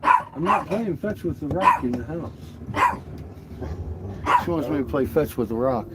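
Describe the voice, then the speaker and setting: A man's voice: fairly high pitch, animated, unhurried. A man chatting playfully with his dogs, laughing, swearing and slipping into baby talk. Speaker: dog owner filming his pets. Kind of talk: casual chat to his dogs. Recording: loud background noise.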